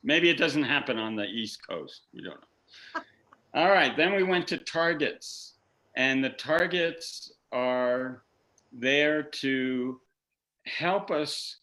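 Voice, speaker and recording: A man's voice: mid-range voice, lively intonation, takes it slowly, pushed and bright, low-quality recording. A man who works as a counselor, teaching a workshop in a folksy, joking way and acting out quoted lines. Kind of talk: teaching seminar talk.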